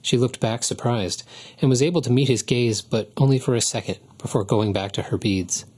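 A man reading a storybook in a calm, even narration. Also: mid-range voice, fairly quick, breathy edge. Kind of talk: audiobook narration.

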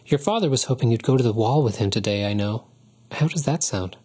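A man voicing a warm, motherly adult lioness who speaks kindly and teases gently, in a storybook reading. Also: medium pitch, animated, brisk, breathy edge. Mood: warm coaxing. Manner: kind, coaxing, gently teasing.

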